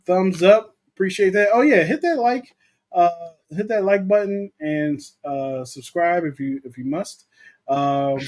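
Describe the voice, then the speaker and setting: Homem conversador numa live caseira. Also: male voice, high voice. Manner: loose and chatty, reads comments aloud, lots of fillers. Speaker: co-host of a movie talk livestream. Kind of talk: casual livestream chat, reading viewer comments.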